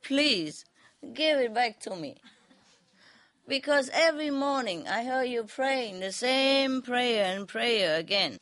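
A woman's voice: on the high side, expressive, slow, pauses often, fairly bright tone, voice pushed up. A frantic neighbor man pleads again and again for his lost money, as a woman storyteller puts him on. The voice is pushed well above her own, thin and insistent, and the begging comes out in short, repeated bursts. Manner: desperate, begging, repeating himself.

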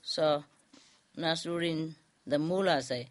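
Woman spinning a folk tale, slow and unhurried, chuckling through it. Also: lowish voice. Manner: chuckles often, loose conversational grammar. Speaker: storyteller. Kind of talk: telling a folk tale to a listening group.

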